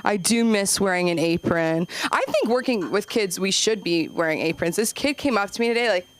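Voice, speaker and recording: Young woman, stand-up comedian, rambling, self-deprecating, mid-pitched, jumps high for quoted voices. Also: a little fast, slight background noise. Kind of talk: open mic stand-up.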